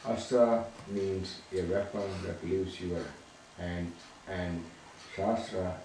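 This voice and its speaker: A man reading a text aloud slowly and carefully. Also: deep voice, dark tone, slight background noise. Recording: distant and very echoey, faint ambience.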